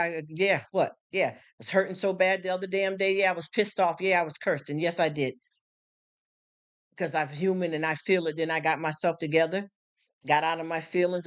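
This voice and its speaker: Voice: medium pitch, fairly bright tone. Middle-aged streamer, casual chat with viewers, emphatic, frank, repeats itself, rhetorical questions. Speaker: livestream host. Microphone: streaming setup.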